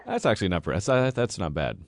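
A low-voiced man co-hosts with wry, laid-back humor, his pitch still moving freely. The sound is dry and close. He adds quips to the talk. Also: very animated, fairly quick, vocal fry, no room sound. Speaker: radio co-host. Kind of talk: morning radio banter.

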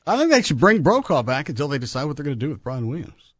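A man's voice: on the high side, big pitch swings, fast, husky, no echo. A man hosting a radio show, joking and rambling in casual on-air banter while fumbling with the studio gear.

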